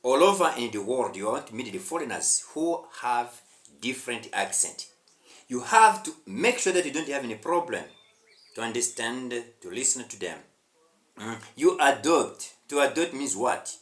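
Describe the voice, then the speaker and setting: A Rwandan-accented man teaches English straight to his viewers, his pitch rising and falling in lively arcs as he repeats his points over and over. His voice rings out in an echoey room. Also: normal speed. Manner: preachy, repetitive, with emphatic swells. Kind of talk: direct-to-camera English lesson.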